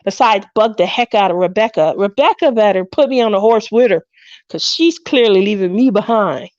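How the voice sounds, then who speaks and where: A woman's voice: medium pitch, animated, moderate pace, darkish tone, no room sound, dull audio. A woman in her fifties hosting a craft livestream, chatting casually and telling stories with frequent laughs, acting out what people said. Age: 50s. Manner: chatty storyteller who laughs often and acts out quotes.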